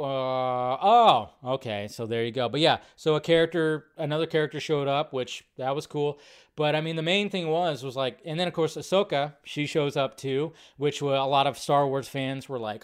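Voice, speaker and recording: Male podcast host, slightly high-pitched, casual, excitable, swears freely, lots of ums and restarts. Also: smooth. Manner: excitable and profane, many fillers and restarts. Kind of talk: casual live-stream chat.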